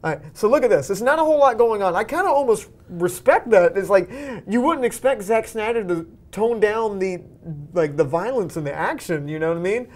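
A young man with a high voice talks casually about movies. He rambles, piling on fillers and restarts as he goes. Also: expressive, brisk, a little mellow. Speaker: podcast co-host. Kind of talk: casual chat.

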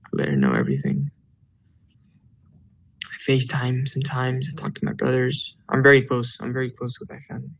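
Young man, relaxed livestream chat, phone mic, filler-heavy, mid pitch. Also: fairly quick, gravelly, pauses often, breathy edge. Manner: relaxed, chatty, many fillers and restarts. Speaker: livestream host answering fan comments. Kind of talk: casual livestream chat, switching between Spanish and English.

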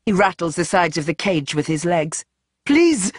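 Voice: medium pitch, fairly even intonation, moderate pace, no echo, clean studio sound. Tense, dramatic audiobook narrator. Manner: tense, dramatic, shifting pace. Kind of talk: scripted narration.

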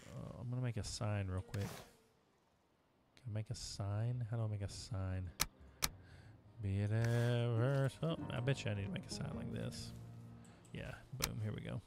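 During a live game stream with background music, a man chats casually to viewers while playing. His low, creaky voice has fairly even intonation and a measured pace, and he pauses often.

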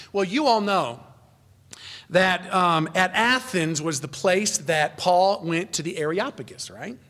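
A male pastor delivers an earnest expository sermon in a fairly high voice. He swings from loud, rising emphasis down to low, quiet asides, and sometimes stops to correct himself mid-sentence. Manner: rises in pitch and volume for emphasis, then drops low and quiet.

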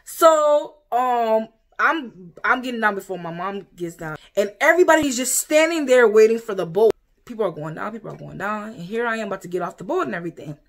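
A young woman from the United States telling a story to camera in a casual, animated way, acting out what other people said. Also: on the high side, brisk. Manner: animated, quotes people in exaggerated voices. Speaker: vlogger.

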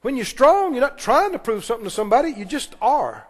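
Man, pastor, sermon, high-pitched, lively dramatic delivery, long reverb. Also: fast. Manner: animated preaching, retells scripture dramatically.

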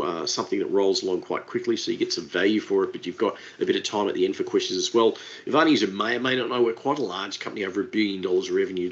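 A man with a very low voice walks through a webinar in a relaxed, chatty way, tossing in informal asides. The audio is dull and lo-fi, like a typical online meeting recording. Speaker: webinar presenter. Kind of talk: casual webinar presentation.

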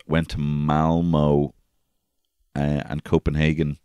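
A man's voice: a bass voice, fairly even intonation, normal speed, a little mellow, no room sound, studio quality. A man in his thirties hosting a podcast, rambling and swearing as he tells casual stories from his life. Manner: rambling and profane, with frequent restarts. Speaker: podcast host. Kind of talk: casual solo podcast storytelling.

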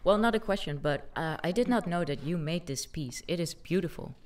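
A woman relaying viewer comments during a livestream, with warm, complimentary remarks. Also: fairly low pitch, lively intonation, fairly quick. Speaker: chat moderator. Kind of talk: casual reading of viewer comments.

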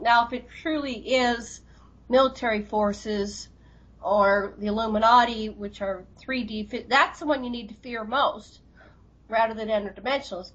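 A woman co-hosting a radio interview, telling stories in a lively, chatty way with frequent restarts. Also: a little high. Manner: animated storytelling with laughs and restarts. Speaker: radio co-host. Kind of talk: casual interview chat. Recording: dull lo-fi radio audio.

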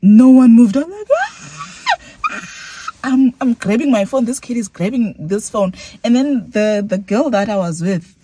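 A woman's voice: on the high side, expressive, moderate pace, dark tone, slightly rough. A young South African woman with a Xhosa accent tells a story to her vlog, mixing English and Xhosa and acting out her own reactions. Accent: South African, Xhosa-speaking. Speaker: vlogger. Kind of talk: casual storytelling.

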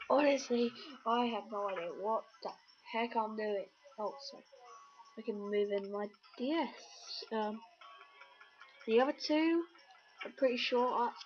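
A woman giving casual, jokey, rambling let's-play commentary on a video game. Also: fairly high pitch. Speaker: gameplay commentator. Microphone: webcam or computer mic. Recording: dull lo-fi recording with loud game music.

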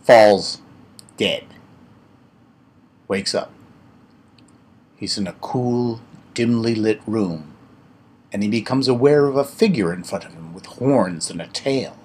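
A man telling a joke as an audition, a deadpan storyteller with stand-up patter. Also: fairly low pitch, slow pace, pauses often, slightly rough.

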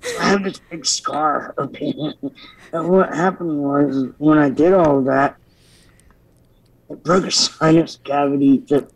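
A man's voice: fairly high pitch, unhurried, poor audio. A man guesting on a podcast, casually telling stories and acting out his own past dialogue with energy. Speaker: podcast guest, former stuntman. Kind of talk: casual storytelling.

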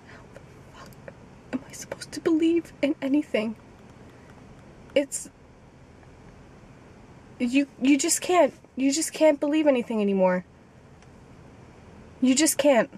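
A young woman venting indignantly and profanely to her camera from inside a car, exasperated and swearing freely. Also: high-pitched. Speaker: vlogger. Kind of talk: casual rant to camera. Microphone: handheld camera.

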